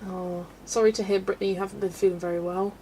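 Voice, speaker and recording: Chatty woman with a gravelly voice. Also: mid-range voice, fairly even intonation, fast, dark tone, a little hiss or hum. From United Kingdom. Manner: chatty, rambling, laughs often, reads chat aloud. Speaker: livestream host reading chat. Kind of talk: casual chat while colouring.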